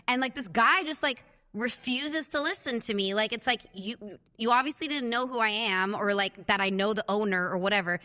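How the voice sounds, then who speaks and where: A woman in her thirties hosting a podcast, telling a story in casual chat and acting out quotes in lively bursts. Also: a little high, a little fast, few pauses, in a large hall. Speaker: podcast host.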